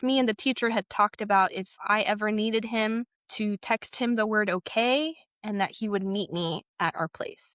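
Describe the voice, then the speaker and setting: A woman's voice: mid-range voice, a bit bright, no room sound. Young woman talking openly about her past, lots of "like", dry close sound. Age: young adult. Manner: candid, reflective, with many "like" fillers. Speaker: interview guest. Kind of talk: personal storytelling.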